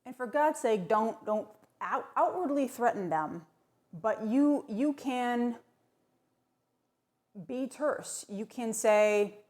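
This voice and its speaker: A woman delivering tongue-in-cheek advice in a brisk, sardonic, mock-serious monologue. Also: fairly high pitch, expressive, a little mellow. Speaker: comedic advice vlogger.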